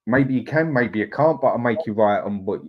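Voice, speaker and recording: A man's voice: mid-range voice, expressive, brisk, dull audio, slight background noise. A man with a London accent, co-hosting a casual football podcast and telling blokey, sweary anecdotes. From London, England. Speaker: podcast co-host.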